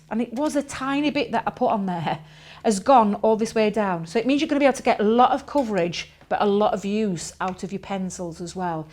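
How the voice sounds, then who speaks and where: Chatty woman demonstrating crafts. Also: on the high side. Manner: chatty, enthusiastic, thinks aloud while working.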